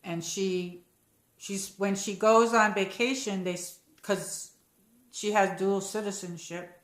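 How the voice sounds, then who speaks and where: A woman's voice: medium pitch, fairly even intonation, takes it slowly, echoey room. An American woman hosting a casual live-chat stream from home, rambling and reading out viewer comments. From United States. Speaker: livestream host.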